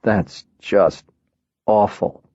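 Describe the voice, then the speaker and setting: A man's voice: lowish voice, steady tone, extremely slow, a little mellow, no room sound, dull audio, full character voice. A man doing a blunt, flustered dad. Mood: concerned. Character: gruff, flustered middle-aged father.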